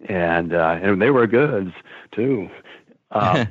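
A man's voice: fairly low pitch, expressive, takes it slowly, dry recording. A man in his seventies, a guest telling long stories in a rambling way, often laughing and acting out what others said. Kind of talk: casual storytelling. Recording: dry tinny phone line.

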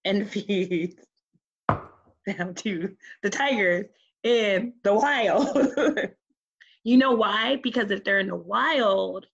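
Woman, podcast co-host, casual chat, laughs often, middle pitch, slightly dull lo-fi sound. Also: takes it slowly, vocal fry, pauses often, breathy edge. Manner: chatty, laughing often, loose swearing.

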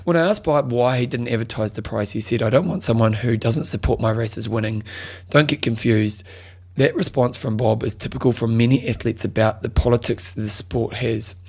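Gravelly man hosting casual triathlon talk. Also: mid-range voice, normal speed, a little mellow. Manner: jokey, banters and reads a listener tribute. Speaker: podcast co-host. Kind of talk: casual chat.

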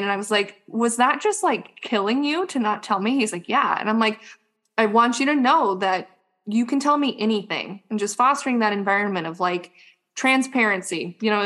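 A woman's voice: medium pitch, a bit bright. A woman in her thirties, a nurse and mother, chatting as a podcast guest with lots of "like" and "yeah". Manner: casual, says like and yeah a lot. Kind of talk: casual chat.

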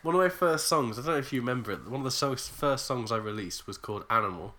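A man's voice: medium pitch, lively intonation, fast, sharp tone. An English man co-hosting a podcast, chatting casually and joking, laughing often. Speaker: podcast co-host. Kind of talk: casual chat.

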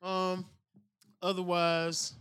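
A man's voice: sits high, monotone, extremely slow, a bit bright, clear, resonant tone, dry recording, studio quality. A man co-hosting a podcast, chatting casually and crudely, joking and reading listener emails aloud. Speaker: podcast co-host.

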